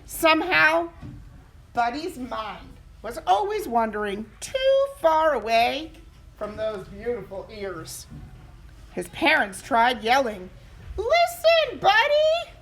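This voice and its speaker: Female teacher, class read-aloud, high bright voice, unhurried and expressive. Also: slight background noise.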